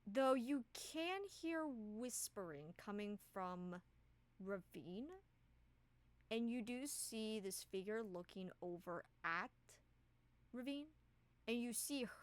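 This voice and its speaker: A woman narrating as game master of a tabletop game, casual and full of fillers. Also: mid-range voice.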